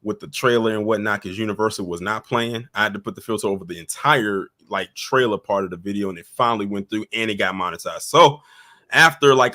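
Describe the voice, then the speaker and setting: A man hosting a call-in livestream, chatting casually with callers and thanking supporters. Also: fairly low pitch. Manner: relaxed, chatty, many fillers. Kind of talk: casual chat.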